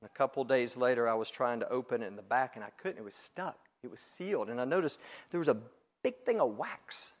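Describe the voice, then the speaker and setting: A man preaching a sermon to his congregation, building to loud emphatic peaks and then dropping low. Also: expressive, quick pace. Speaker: pastor.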